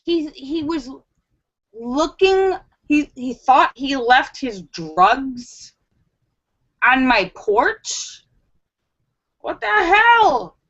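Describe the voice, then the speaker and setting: A young woman hosting a casual live stream at home, telling stories in an animated, chatty way with many fillers, on a webcam mic. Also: sits high, muffled recording.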